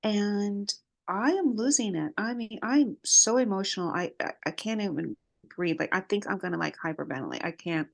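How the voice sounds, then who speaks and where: Casting note: woman, mid-pitched voice, expressive emotional storyteller, relaxed conversation. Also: moderate pace, creaky. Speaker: retreat guest. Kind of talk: casual conversation.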